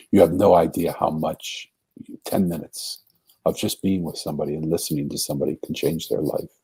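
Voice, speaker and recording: A man with a low, dark, husky voice tells a story as a podcast guest. He speaks earnestly and acts out the voices of the people he quotes. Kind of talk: storytelling in a conversation.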